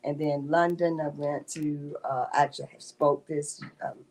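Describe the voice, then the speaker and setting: A woman author, a guest in a casual interview, telling animated stories and often breaking into laughter. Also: low voice, measured pace. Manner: animated storytelling with frequent laughter.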